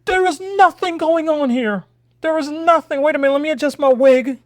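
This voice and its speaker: A man putting on a shrill, exaggerated impression of an older woman politician who dismisses everything, within a sarcastic commentary. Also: normal speed, dry recording, clean studio sound. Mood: mocking.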